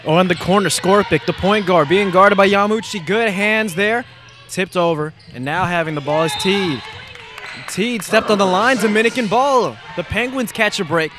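A man calling live basketball play-by-play, excitable and rising to shouts on big plays. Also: high-pitched, moderate pace, over music. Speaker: play-by-play announcer.

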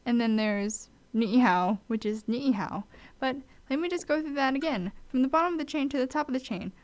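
A young woman from Oahu with a Hawaiian accent, chatting casually to camera in an animated, mock-exasperated way. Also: high-pitched, a little fast. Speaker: vlogger. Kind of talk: casual chat.

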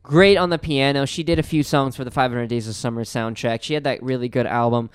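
A man's voice: medium pitch, fairly even intonation, fairly quick, smooth, dry recording, clean studio sound. A man hosting a college radio show, chatting eagerly about bands in a rambling way with many restarts. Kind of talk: casual chat. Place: radio studio.

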